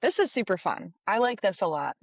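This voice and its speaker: A young woman co-hosting a local news podcast, chatty and quick to laugh. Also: mid-range voice, big pitch swings, no echo. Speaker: podcast co-host. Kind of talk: casual news chat.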